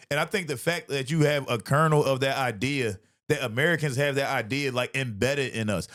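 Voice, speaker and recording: A man, a comedian hosting a podcast, in a profane, animated comedic rant, laughing often. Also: mid-range voice.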